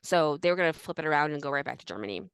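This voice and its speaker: A woman's voice: sits low, lively intonation, rapid-fire, clean tone, no room sound, low-quality recording. A woman co-hosting a history podcast, telling a story in a loose, chatty way with lots of "like" and restarts. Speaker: podcast co-host. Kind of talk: casual history chat.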